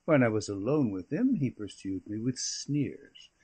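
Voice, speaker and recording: A man narrating an audiobook of a classic novel in a measured, expressive storytelling manner. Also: mid-range voice, slightly rough, no echo.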